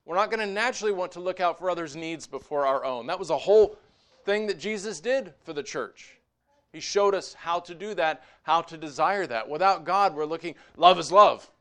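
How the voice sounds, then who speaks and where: A man preaching a sermon as pastor, moving between quiet conversational asides and raised, emphatic exhortation. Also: high-pitched, animated, fairly quick, clean tone.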